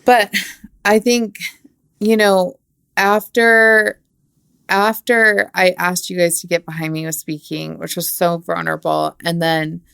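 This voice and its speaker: Thoughtful low-voiced woman podcaster. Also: level tone, slow pace, gravelly, fairly bright tone, smooth, no room sound, studio quality. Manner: thoughtful, conversational, frequent "you know". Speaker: podcast co-host. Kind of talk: reflective podcast conversation.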